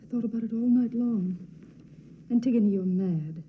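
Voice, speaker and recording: A frightened young princess, played by an actress pleads in a slightly high, worried voice. The film sound is dull and muffled. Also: female voice, moderate pace, a little hiss or hum, lightly acted.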